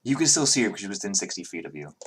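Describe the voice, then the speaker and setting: A man with a somewhat low voice runs a tabletop game as game master. He talks in a loose, chatty way and walks the players through rolls and movement. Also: very animated, racing, slight background noise. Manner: loose and chatty, counting squares out loud.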